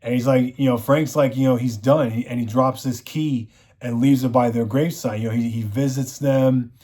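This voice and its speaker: A man's voice: mid-range voice, steady tone, normal speed, darkish tone. A man reviewing a TV show, recapping the plot in a rambling, casual way, full of "you know" fillers.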